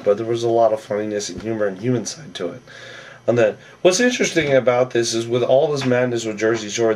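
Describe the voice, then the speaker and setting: A man giving a casual, rambling episode recap, often tacking on "on that" and acting out quoted lines in a higher, louder voice. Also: far from the mic. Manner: rambling, with a habit of "on that". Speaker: reality TV recap vlogger.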